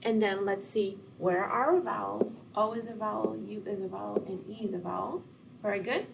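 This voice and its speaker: A woman's voice: mid-range voice, fairly even intonation, normal speed, vocal fry, noisy background. Patient woman teaching children. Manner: encouraging, patient, speaks directly to students. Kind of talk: recorded classroom lesson for children.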